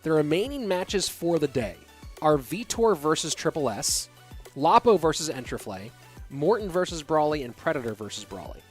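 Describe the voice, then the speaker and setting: A man with a slightly high, very animated voice speaks at a normal speed over faint background music. He casts a live esports stream and hosts it, chatting casually and reading out viewer questions to answer between plays.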